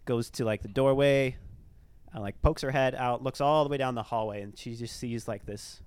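A man's voice: mid-range voice, moderate pace, darkish tone, clear, resonant tone, no echo. A young man telling a ghost story in casual podcast chat, rambling, with lots of fillers. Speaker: storyteller, former tour guide.

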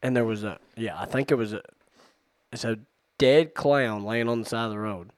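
A podcast host with a mid-range voice talks at normal speed, with no room sound. He chats casually with friends as a joking, chatty storyteller.

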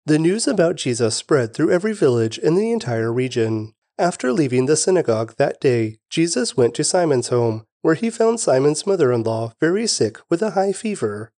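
Guy reading scripture, mellow warm voice, dry close mic. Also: a little high, big pitch swings, moderate pace, hardly any pauses, no echo. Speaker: scripture reader.

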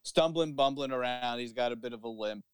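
A man's voice: mid-range voice, fairly quick, clean tone, dry recording. A young man co-hosting a podcast, rambling casually with fillers and joking riffs. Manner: rambling, many fillers, riffs into silly bits. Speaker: podcast co-host.

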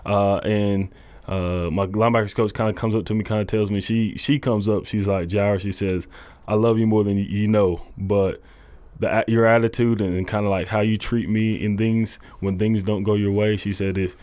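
A young man, a college football coach, telling his faith story in a halting, earnest way full of restarts. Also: fairly low pitch, level tone, a little mellow, dry recording. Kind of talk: casual testimony interview.

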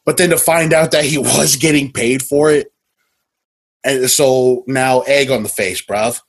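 A man co-hosting a podcast in casual chat, laid-back, reacting with slang and quick asides. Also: mid-range voice, steady tone, creaky, husky. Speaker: podcast co-host.

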